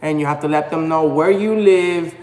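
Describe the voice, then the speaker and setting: A man's voice: on the high side, normal speed, a little mellow. A man hosting a live stream, explaining things in a plain, repetitive way. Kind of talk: casual live stream commentary. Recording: echoey room with long reverb.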